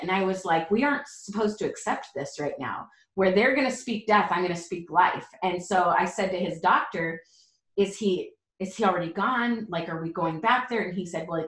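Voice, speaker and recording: A woman in her forties, a podcast guest, tells an emotional personal story in an earnest, halting way with many fillers. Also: lowish voice. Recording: roomy echo.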